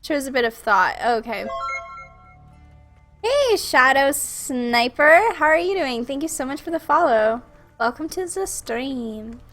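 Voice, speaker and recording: A young woman from Minnesota, with a Minnesotan accent, chats and giggles casually while streaming a video game. Her voice is high-pitched and fairly bright, with big pitch swings and a slightly slow pace. Faint music plays behind her.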